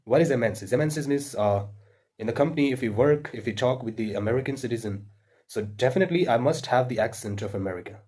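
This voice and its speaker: A man's voice: mid-range voice, fast, darkish tone, breathy edge. A man with an Indian accent giving earnest, repetitive spoken advice to English learners, with frequent fillers and restarts.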